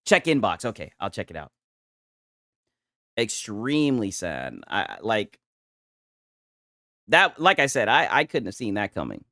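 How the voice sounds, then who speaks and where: A man's voice: lowish voice, huge pitch swings, unhurried, long pauses, pushed and bright, no echo, clean studio sound. A man casually chatting with his viewers and reading chat on a livestream, laid-back, swearing a lot and laughing often. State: tipsy from a couple of beers.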